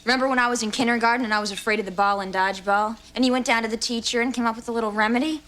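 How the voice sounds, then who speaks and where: An actress playing a shallow, airheaded teenage daughter in a sitcom. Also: female voice, on the high side, fairly even intonation, rapid-fire, fairly bright tone, slight background noise, natural voice. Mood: plaintive. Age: teen. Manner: shallow, self-absorbed.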